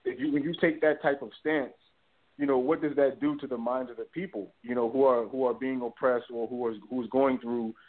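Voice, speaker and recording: A man guest on a call-in interview, explaining haltingly with many fillers. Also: mid-range voice, steady tone. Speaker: guest, former movement member. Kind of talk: call-in talk show interview. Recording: tinny phone-line call-in audio.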